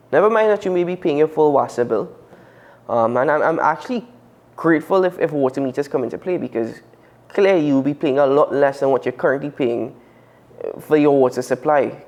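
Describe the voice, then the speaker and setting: Male talk host, Trinidadian accent, emphatic, slightly raised pitch. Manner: animated, emphatic, with frequent restarts. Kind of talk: current affairs discussion.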